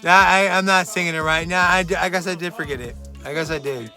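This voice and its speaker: A man hosting a casual monologue recommending movies, rambling excitably with jokey asides. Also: a little high, fast, faint music behind.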